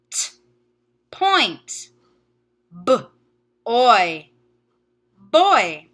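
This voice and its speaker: A woman teacher records a phonics lesson for young children, sounding out letters and words slowly and carefully. Her voice is a little high, with a bright, forceful tone.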